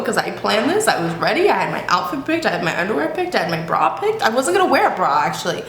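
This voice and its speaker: A woman's voice: mid-range voice, big pitch swings, fast talker, few pauses, fairly bright tone. A woman vlogging to camera at home in a casual chat, frank and profane, laughing often. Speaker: YouTube vlogger. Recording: echoey room, faint background hiss.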